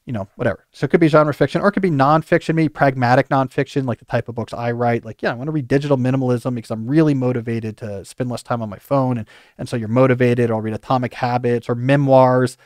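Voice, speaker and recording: Guy hosting a podcast, jokey and animated, mid pitch, dry close sound. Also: quick pace, dry recording. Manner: joking, animated, playful asides. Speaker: podcast host. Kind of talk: podcast advice monologue.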